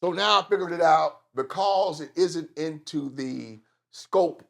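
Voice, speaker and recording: A middle-aged man from Atlanta tells stories in a relaxed interview. His voice is gravelly and fried at the edges, with a Southern accent. He swears freely and his delivery is animated. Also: on the high side, a little slow. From Atlanta, Georgia. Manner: animated storyteller, profane, drawling asides. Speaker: guest rapper. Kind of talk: casual storytelling interview.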